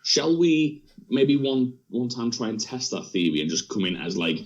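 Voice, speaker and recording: A man's voice: medium pitch, sing-song, moderate pace, highs cut off. A man from England with a blended Liverpool and West Midlands accent, co-hosting a podcast in chatty, self-deprecating casual talk. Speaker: podcast co-host. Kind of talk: casual chat.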